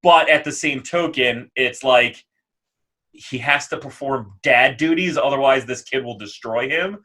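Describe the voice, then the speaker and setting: A man with an ordinary mid-range voice co-hosting a casual anime podcast. He talks in quick, chatty bursts, laughs easily and trips over repeated words and fillers as he explains. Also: mid-range voice, sharp tone. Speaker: podcast co-host.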